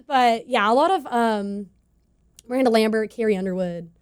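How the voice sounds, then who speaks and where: A woman's voice: a little high, moderate pace, clean tone. A woman in her twenties from California, a country singer chatting as a radio guest, bubbly and laughing often. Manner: bubbly, laughs often, acts out quoted voices. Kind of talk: casual interview chat.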